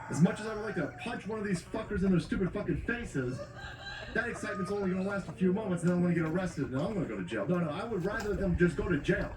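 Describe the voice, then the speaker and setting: A man's voice: high voice, noisy background. A man ranting in profane, indignant reaction commentary as host, recorded at a poultry farm. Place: farmyard with poultry. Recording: echoey, distant mic, chickens clucking behind.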